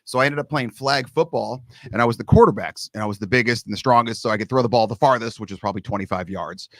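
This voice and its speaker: A middle-aged man from Southern California, a guest telling animated stories in casual chat and acting out the people in them. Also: medium pitch, quick pace, dry recording. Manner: animated storyteller, acts out quoted coaches. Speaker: guest, long snapping coach. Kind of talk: casual storytelling.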